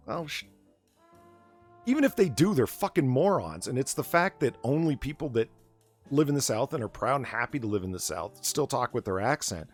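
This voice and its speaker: A man from the United States hosting a casual late-night chat, with a mid-pitched voice that swings widely as he goes. He rants with animated energy and plenty of swearing. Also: fairly quick, soft background music. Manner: animated, profane, ranting. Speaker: stream host.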